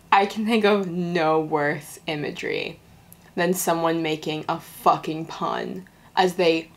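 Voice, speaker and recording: A woman's voice: low voice, steady tone, slow pace, pauses often. Sarcastic woman reading fan fiction. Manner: sarcastic, sardonic asides. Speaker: channel host. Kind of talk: reading fan fiction aloud with comedic commentary.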